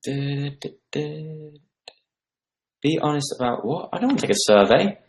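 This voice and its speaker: A very animated young man in his twenties hosts a home livestream, talking quickly in a fairly high voice. He rambles through viewer comments on a desk microphone, and the space sounds roomy.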